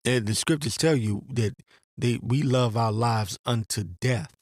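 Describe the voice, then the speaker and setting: With a mid-range voice and an unhurried delivery, a man acting as a religious commentator rambles through a profane rant, reading passages of scripture as he goes. The monologue is captured in clean studio sound without any room tone.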